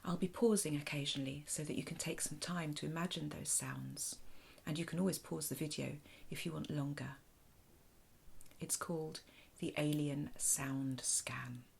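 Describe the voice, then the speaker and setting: Woman narrating a children's imagination story, low, slow, gravelly, hushed. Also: steady tone, a little hiss or hum. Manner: soft, hushed, often half-whispered delivery.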